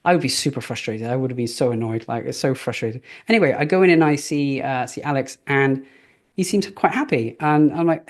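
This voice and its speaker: A man's voice: medium pitch, fairly quick. A middle-aged man giving a live business coaching session, casual and chatty, telling stories with fillers. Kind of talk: live training talk.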